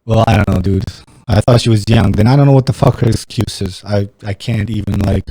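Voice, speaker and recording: A man hosting a podcast, talking in long, blunt, profanity-laced rambles. His voice sits low and dark, with a mellow tone. The sound is dry and close, with no room echo. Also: fairly quick. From Romania. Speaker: podcast host. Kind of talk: casual podcast chat. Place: small podcast studio.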